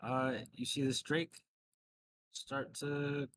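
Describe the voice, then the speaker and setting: Bright-voiced man running a tabletop game. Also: mid-range voice, flat delivery, slow pace, dry recording. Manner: casual, descriptive, tallies dice aloud. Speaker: game master.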